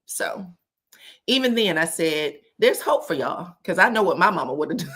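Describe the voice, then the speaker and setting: Speaking at a normal pace in a lowish, slightly breathy voice, a woman chats casually on a live stream. She tells family stories, laughs often, and acts out quoted lines in a raised voice, keeping things animated.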